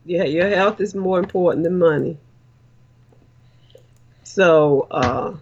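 Guy doing a nagging older mom, high fussy voice, kinda muffled lo-fi sound. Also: slow pace, full character voice. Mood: coaxing. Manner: repeats son's name, scolding and fretting. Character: fussy older mother nagging her son.

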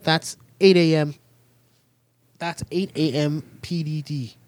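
A man's voice: a little high, fairly even intonation, slow pace, dry recording. A young man hosting a casual gaming chat show, reading news items aloud and getting irritated at interruptions. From eastern North America.

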